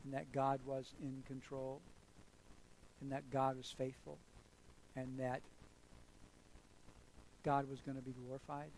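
A man's voice: mid-range voice, completely flat delivery, unhurried, pauses often, a little mellow, a little hiss or hum, rough recording. A man preaching a sermon as pastor, emphatic and storytelling, repeating phrases for effect.

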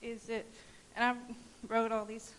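A woman giving a personal testimony at a church service, telling her story in an animated way and laughing at times. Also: on the high side, a little slow, poor audio. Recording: faint hiss.

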